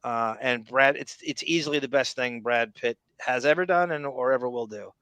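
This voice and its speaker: Brief: male podcast co-host, bright, tense tone, dry close sound, rambling and opinionated. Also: medium pitch, normal speed, no room sound. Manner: animated, opinionated, rambling with restarts. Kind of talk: casual chat.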